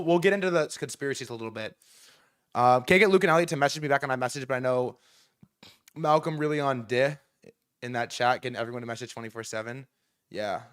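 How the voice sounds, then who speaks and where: A man hosting a casual livestream from outdoors, excitable and profane, rambling with many restarts. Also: medium pitch, smooth. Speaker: livestream host. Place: outdoors in New York City.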